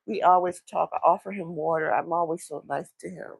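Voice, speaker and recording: A woman with a heavily gravelly, fry-laden voice talks her way through a confessional vlog. Her speech is husky and halting, full of restarts, and she sounds low and vulnerable. The sound is dry and close. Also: steady tone, dry recording. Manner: rambling, halting, with repeated restarts. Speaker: vlogger. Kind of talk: casual confessional monologue.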